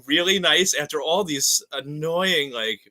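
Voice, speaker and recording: A man's voice: a little high, unhurried, bright, forceful tone. A man hosting a podcast recap, chatting casually with lots of fillers and laughter. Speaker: podcast host. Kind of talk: casual chat.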